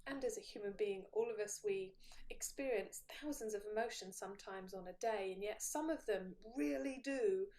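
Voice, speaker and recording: A woman's voice: mid-range voice, moderate pace, mellow. A woman who is a coach hosting a podcast, chatting casually and posing reflective questions. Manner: reflective, poses open questions.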